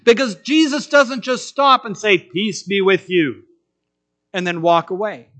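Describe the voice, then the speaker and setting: A man preaching a sermon, telling the story in an animated way and acting out quotes in different voices. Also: sits high, measured pace.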